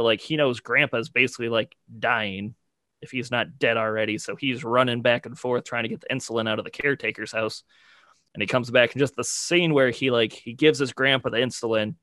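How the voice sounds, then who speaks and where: A man's voice: mid-range voice, steady tone, brisk, bright, forceful tone, no room sound, studio quality. A man co-hosting a podcast, talking casually and rambling with lots of "like" and "you know". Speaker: podcast co-host. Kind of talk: casual chat.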